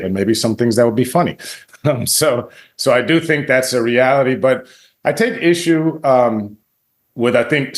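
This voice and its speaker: A man co-hosting a podcast, weighing his opinion thoughtfully with many restarts and pauses. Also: on the low side. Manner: thoughtful, halting with restarts and fillers. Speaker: podcast co-host. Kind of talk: casual discussion.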